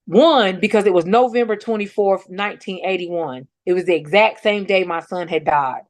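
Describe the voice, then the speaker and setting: In a podcast interview, a middle-aged woman from North Carolina recounts her experience as a bereaved mother, her medium-pitched voice lively, a little fast and with few pauses. Emphatic, she relives confrontations by quoting herself; the recording has no echo.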